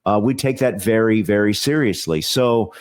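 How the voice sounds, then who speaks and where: Measured, low-voiced man talking baseball. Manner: measured, earnest, frequent fillers and restarts. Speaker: TV baseball show host, guest. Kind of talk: podcast interview.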